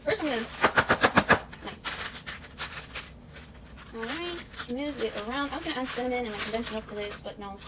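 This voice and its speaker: A woman's voice: on the high side, moderate pace, long pauses. A young woman chatting casually as she bakes in her home kitchen, self-mocking and dropping bits of show tunes. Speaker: vlogger. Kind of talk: casual baking vlog chat. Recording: distant camera mic with noise.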